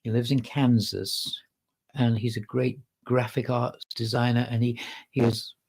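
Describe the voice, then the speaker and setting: A man, a guest musician, telling animated anecdotes in a casual podcast chat. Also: medium pitch, a little slow, creaky, a little hiss or hum. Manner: animated storyteller, acts out quotes. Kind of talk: anecdotal storytelling.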